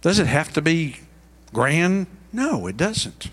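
A man's voice: fairly high pitch, sing-song, takes it slowly, fairly bright tone, breathy edge. A middle-aged male pastor preaching a sermon, pressing his points with rising, emphatic questions.

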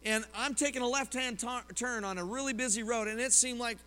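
Bright, high-voiced preacher. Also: male voice, a little fast, few pauses, clean tone. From Oklahoma, US. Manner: lively preaching with personal stories and questions to the congregation. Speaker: pastor. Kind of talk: sermon. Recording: long hall reverb.

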